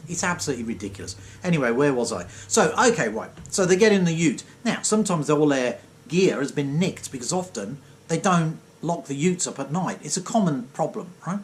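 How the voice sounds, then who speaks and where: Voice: medium pitch, big pitch swings, fairly quick, few pauses. A comic storyteller giving a sarcastic, digressive rant monologue.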